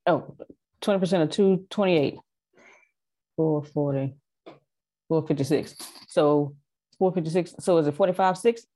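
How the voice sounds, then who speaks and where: A woman taking part in a casual finance class on a video call, chatty and quick to laugh. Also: low-pitched, warm tone. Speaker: class participant. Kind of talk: casual group call chat.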